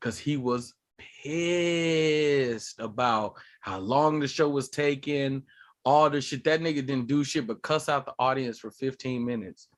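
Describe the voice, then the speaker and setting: A man, a comedian and podcast co-host, telling animated, profane stories in casual chat. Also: mid-range voice, a little slow.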